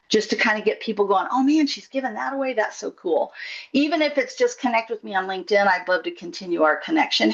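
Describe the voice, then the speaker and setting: A woman's voice: medium pitch, a bit bright. A woman coaching a small group on a video call, upbeat and encouraging, chatty with a few fillers. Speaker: workshop coach. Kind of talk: online group coaching session. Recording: dull lo-fi call audio.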